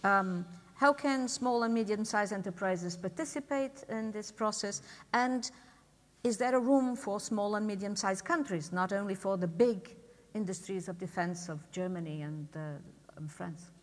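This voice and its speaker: A woman of middle pitch moderates a public panel, putting questions in a measured tone. The long reverb of a large hall trails her words.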